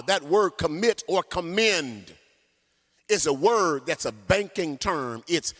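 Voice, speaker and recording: A male pastor preaches with a high, bright voice that swoops up and down, drawing his phrases out slowly. Now and then he sings a line. Long church-hall reverb hangs after each phrase. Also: soft background music. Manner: animated storytelling preacher, sings some phrases. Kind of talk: sermon.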